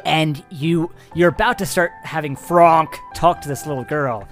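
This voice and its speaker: Giggly, rambling GM narrating a tabletop game, animated delivery. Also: medium pitch, unhurried, music in the background. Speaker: game master.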